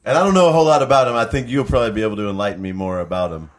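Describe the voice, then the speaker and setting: A man's voice: fairly low pitch, very fast. A man co-hosting a podcast in casual chat, easygoing and filling his talk with likes. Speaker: podcast co-host.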